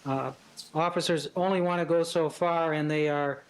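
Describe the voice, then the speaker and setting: A man questioning a witness in court, measured and halting with many fillers. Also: a little high, fairly even intonation, clean tone, low-quality recording. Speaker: trial attorney.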